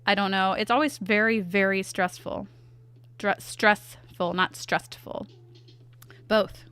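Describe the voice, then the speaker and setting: A woman's voice: medium pitch, steady tone, moderate pace, fairly bright tone, clean tone. A woman streaming while she draws, chatting casually, reading her chat aloud and answering it with self-deprecating asides. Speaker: art streamer.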